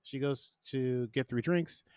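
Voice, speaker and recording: A man's voice: medium pitch, slow, a little mellow, clear, resonant tone, no room sound, clean studio sound. Chatty man recapping an episode. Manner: chatty, jokey, self-deprecating. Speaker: podcast host. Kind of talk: casual podcast recap.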